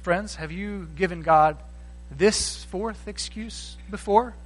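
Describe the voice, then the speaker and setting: A man's voice: high voice, slow, rough recording. A man preaching a sermon in a conversational way, acting out the voices he quotes. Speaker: pastor.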